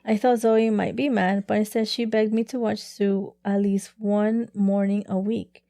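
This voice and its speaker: A woman's voice: mid-range voice, flat delivery, a little slow, gravelly, mellow, dry recording. A woman co-hosting a podcast, reading stories aloud and chatting casually, laughing often. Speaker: podcast co-host.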